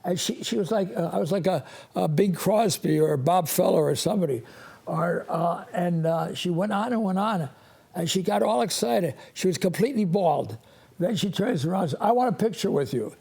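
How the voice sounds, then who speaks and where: Old guy in his 80s hosting a call-in show, mellow gravelly voice, rambly and halting. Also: sits high. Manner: halting, with frequent restarts and chuckles.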